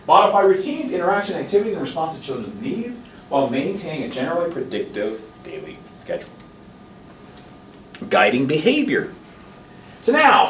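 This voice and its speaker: A man teaching a college class, reading items from a list and explaining them with acted-out examples. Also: fairly high pitch. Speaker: college instructor. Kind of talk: classroom lecture. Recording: echoey room, mic at a distance, faint background noise.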